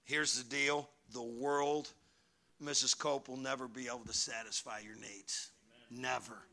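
Gravelly, bright-voiced man preaching a sermon. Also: mid-range voice, steady tone, normal speed. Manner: storytelling, swings from hushed to near-shouting. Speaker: pastor.

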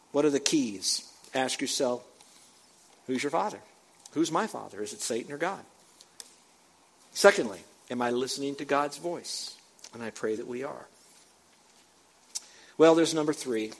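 A man preaching a sermon as pastor, emphatic, repeating phrases for stress and dropping into quiet asides. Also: on the high side.

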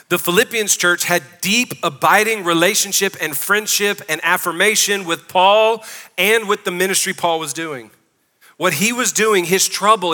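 A man preaches to his congregation, emphatic and often calling out to them for a response. His voice is forceful and bright, sitting a little high. The sound carries the long reverb of a church sanctuary. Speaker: pastor. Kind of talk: sermon.

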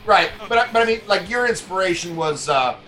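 A co-host man from New Orleans with a high, bright voice. He rambles eagerly, full of fillers. Faint music runs under the chat. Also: lively intonation, a little fast. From New Orleans, USA. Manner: rambling, enthusiastic, with many fillers. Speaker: podcast co-host. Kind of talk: casual podcast banter.

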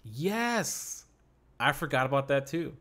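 A man co-hosting a podcast, chatting casually about a film, excitable and often repeating words as he goes. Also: mid-range voice, brisk. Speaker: podcast co-host. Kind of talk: casual movie review chat. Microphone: podcast microphone.

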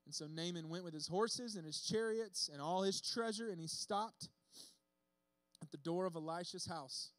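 Guy preaching, high voice, super casual and animated, acts out the bible quotes, dry close sound. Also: moderate pace, clean tone, no echo. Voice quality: bearded speaker. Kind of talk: sermon.

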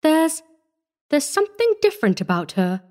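A soft-spoken, kindly lady visitor, as a woman narrator voices her, raised higher and lighter than the reader's own tone. She sounds sympathetic and curious, as in an audiobook reading. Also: sing-song, normal speed. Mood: gentle. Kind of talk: audiobook character voice.

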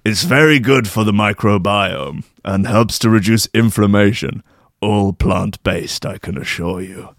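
A man voicing a shadowy villain who speaks slowly and calmly. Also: fairly low pitch, no room sound, studio quality, pitched below the performer's own voice. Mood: sinister calm. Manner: slow, soft and assuring. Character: sinister shadowy male villain, calm and smooth.

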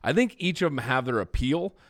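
A man hosting a casual movie podcast, relaxed and hesitant, often checking in with "right?". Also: mid-range voice, brisk, no echo, studio quality. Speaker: podcast host.

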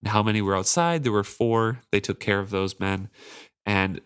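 A man co-hosting a book podcast, chatting casually and retelling a novel in a relaxed way, laughing often. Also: on the low side, moderate pace, clear, resonant tone.

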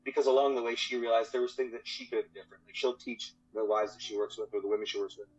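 Talking about marriage as a podcast guest, this marriage coach is casual and energetic, cursing freely and repeating himself. He talks fast in a mid-range voice with a flat delivery, over dull lo-fi audio and faint music.

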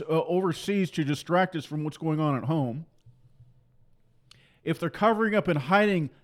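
Man preaching, fiery sermon, higher-pitched voice, forceful, mocking, repetitive.

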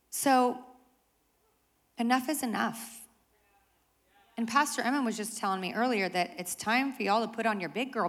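A woman pastor preaching a sermon to a live congregation, animated and conversational with self-deprecating humor. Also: mid-range voice. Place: church service with live audience.

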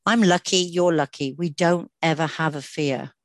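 A woman co-hosting a podcast talks at a moderate pace in a low voice, earnest and chatty, with plenty of fillers and false starts. No echo is heard.

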